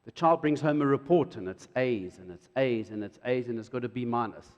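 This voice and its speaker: A middle-aged man, preaching a sermon in an animated way and acting out quotes. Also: fairly quick. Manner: animated, jumps to loud high emphasis and acts out quotes. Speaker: pastor. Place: church hall. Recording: reverberant church hall.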